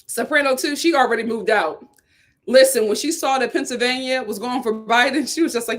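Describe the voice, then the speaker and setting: Woman from Philly, live-stream host, casual and animated, quick to laugh. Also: fairly high pitch. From Philadelphia. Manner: chatty, animated, repeats herself, laughs often.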